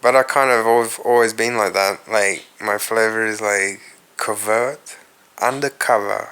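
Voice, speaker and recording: An Australian man talks unhurried in a rambling solo monologue, musing aloud and dropping casual swearwords. His voice sits in a middle register with a bright, slightly tense edge. He speaks straight to the viewer as though chatting one on one. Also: fairly low pitch, fairly even intonation, clean tone. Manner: musing, profane, addresses viewers directly. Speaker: podcast host.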